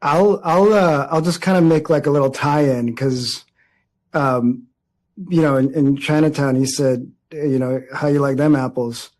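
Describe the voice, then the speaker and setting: Earnest reflective man, slightly high voice. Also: measured pace, darkish tone, rough recording. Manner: earnest, reflective, many restarts. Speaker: interviewee, actor. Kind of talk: press junket interview.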